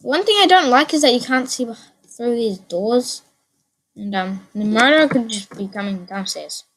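Excitable high-voiced woman gaming commentator. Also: moderate pace. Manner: excitable, repeats phrases, sudden yelps. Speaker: gaming channel host. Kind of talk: let's play commentary.

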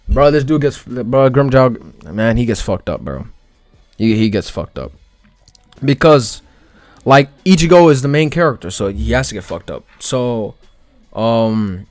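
A man's voice: medium pitch, darkish tone, dry recording. A man giving a casual, slangy and profane spoken analysis of an anime, talking loosely with many fillers. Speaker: anime commentary vlogger.

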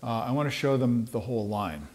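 A man teaching trumpet in a relaxed, conversational way, pausing with fillers and restarting phrases as he explains. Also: medium pitch. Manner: sings rhythms on syllables to demonstrate. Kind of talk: relaxed instructional talk.

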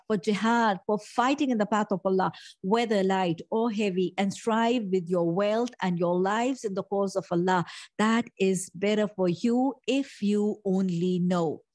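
A middle-aged woman giving a Quran lesson, her voice at an ordinary pitch for a woman. She explains each verse at length and weaves Arabic phrases into her English. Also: darkish tone. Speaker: Quran teacher.

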